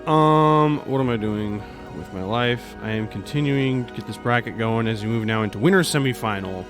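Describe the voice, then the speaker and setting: A man's voice: medium pitch, normal speed, music in the background. A man hosting and co-commentating a fighting game tournament in a laid-back, dry-humored way. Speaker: tournament host. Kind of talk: casual esports commentary.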